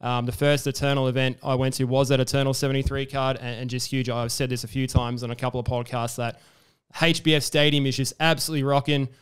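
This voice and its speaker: Aussie podcast host guy, talks fast, super clear voice, chatty and keen. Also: medium pitch, little pitch movement. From Australia. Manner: chatty, filler-heavy, enthusiastic. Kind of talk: casual sports interview.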